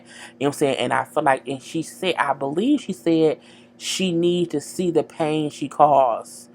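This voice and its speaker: Low-voiced woman chatting frankly. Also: measured pace, a little mellow. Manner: chatty and frank, lots of "girl" and "you know". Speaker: TV show recapper. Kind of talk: casual episode recap.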